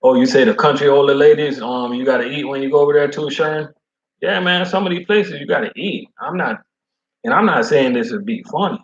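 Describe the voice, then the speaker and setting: A man who is a food service delivery driver, chatting casually in slangy, animated talk. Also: mid-range voice, brisk, dull audio, slight background noise. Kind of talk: casual chat.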